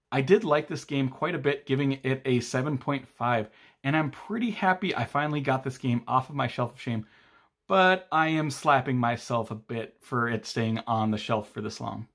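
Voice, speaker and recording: A man hosting a board game review channel, reading his quick reviews and ratings in a steady, matter-of-fact way. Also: medium pitch. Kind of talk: scripted review narration.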